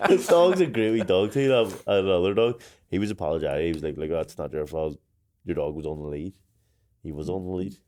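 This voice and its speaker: Low-voiced man telling stories. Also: animated, fairly quick, darkish tone. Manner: laughs through stories, swears freely. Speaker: podcast co-host. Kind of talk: casual chat.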